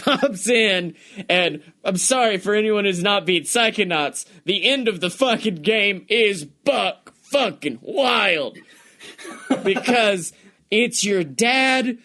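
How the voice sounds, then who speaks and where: A young man co-hosting a podcast, chatting casually, excited and swearing often, laughing as he talks. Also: high-pitched. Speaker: podcast co-host. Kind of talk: casual chat.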